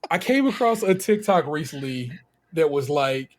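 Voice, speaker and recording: A man from the United States co-hosting a podcast. He recaps a TV show in a casual, animated, slangy way and laughs often. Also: a little high, moderate pace. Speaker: podcast co-host.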